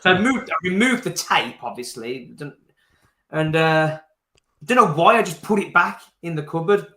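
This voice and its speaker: Lively man telling a story, echoey. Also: fairly high pitch, normal speed. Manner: animated storyteller, laughing through anecdotes. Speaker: podcast co-host. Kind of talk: casual chat.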